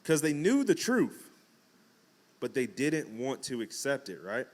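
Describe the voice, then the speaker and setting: A man preaching in a relaxed, conversational way from a church pulpit. His voice sits at a middle pitch. He breaks into acted-out quotes and jokes as he goes. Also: a little slow. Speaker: pastor. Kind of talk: casual sermon.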